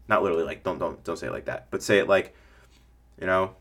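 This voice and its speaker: On his casual podcast coaching small-business owners, the male host talks in rapid-fire bursts with a fairly low voice. His energy runs high and his talk wanders, and he keeps dropping into the voices of pretend customers to illustrate things.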